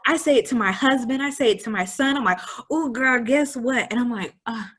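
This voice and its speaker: A young woman co-hosting a casual educational discussion, lively and laughing, acting out little scenes as she explains. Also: a little high, fast talker. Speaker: co-host.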